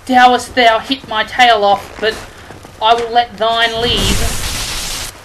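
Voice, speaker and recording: A woman putting on a haughty female boss who talks in slow mock-olde speech. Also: fairly high pitch, steady tone, fairly bright tone, slight background noise, rough recording. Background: game music.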